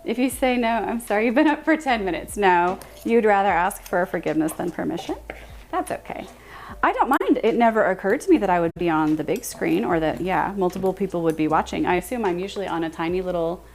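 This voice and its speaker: A young American woman chatting casually with her viewers on a live stream, animated and quick to laugh. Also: fairly low pitch.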